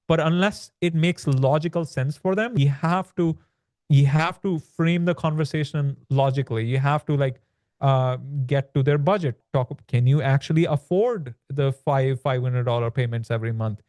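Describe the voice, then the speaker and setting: In a conversational podcast interview, a land business author appears as a guest, his fairly high voice a little mellow. He explains in a casual way, often adding "like" and "right?", captured in clean studio sound with no echo.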